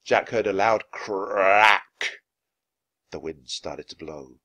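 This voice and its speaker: A man reading a children's book aloud, with expressive, lively narration. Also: deep voice, normal speed, dry recording. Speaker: storyteller.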